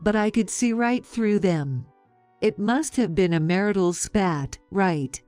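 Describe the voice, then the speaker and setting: A woman in her fifties narrating a story in a calm, measured, sarcastic way. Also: mid-range voice, no room sound, faint music behind.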